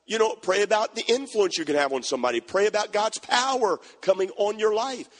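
A man's voice: sits high, expressive, fairly quick, long reverb tail. A man preaching a folksy sermon, quoting scripture and repeating key phrases. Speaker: pastor.

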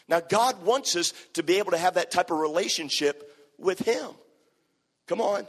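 A man's voice: high-pitched, lively intonation, normal speed. A man preaching a sermon, emphatic and repeating his key phrases. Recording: hall reverb.

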